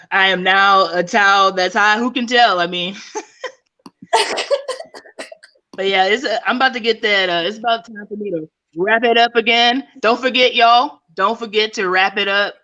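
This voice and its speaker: A woman's voice: medium pitch, bright, forceful tone, muffled recording. A woman stand-up comedian, rambling and giggling through her set. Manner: rambling, giggly, jokes with voices.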